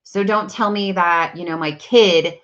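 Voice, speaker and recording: A woman's voice: fairly low pitch, steady tone, measured pace, fairly bright tone. A woman in her thirties talking candidly to viewers, acting out conversations as she tells personal stories. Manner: candid, storytelling, acts out conversations. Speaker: vlogger on self-improvement. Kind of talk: casual talk to viewers, live stream. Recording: dull lo-fi sound.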